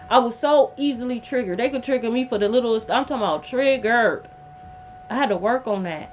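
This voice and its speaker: A woman giving a casual tarot reading to camera, emphatic and blunt, swearing freely and repeating lines for effect. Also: a little high. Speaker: tarot reader. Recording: dull lo-fi audio with hum.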